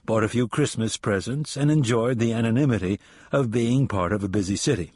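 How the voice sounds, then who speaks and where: A man reading a spy thriller audiobook in a measured, even storytelling delivery. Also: medium pitch, slightly rough, no room sound, clean studio sound. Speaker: audiobook narrator. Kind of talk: scripted narration.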